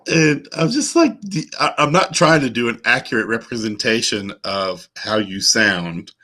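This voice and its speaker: A man's voice: mid-range voice, lively intonation, pushed and bright. A middle-aged man hosting a casual chat while solving a crossword, joking and musing. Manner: joking, slow and musing, breaks into silly voices. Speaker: podcast host.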